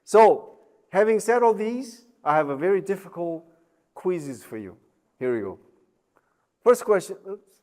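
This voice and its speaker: A man's voice: high-pitched, sing-song, measured pace, long pauses, darkish tone. A man giving a recorded university lecture, chatty, with joking asides, many fillers and tag questions.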